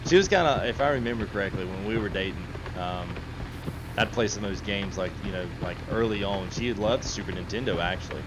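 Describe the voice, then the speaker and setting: A man's voice: lowish voice, brisk, background noise. A man hosting a gaming livestream, chatting casually and reading chat aloud. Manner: chatty, laughs often, reads chat aloud.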